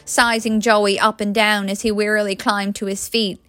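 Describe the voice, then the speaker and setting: A woman reading a story aloud in a steady, expressive storybook narration. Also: mid-range voice, a little slow, hardly any pauses, no echo, clean studio sound. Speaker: audiobook reader.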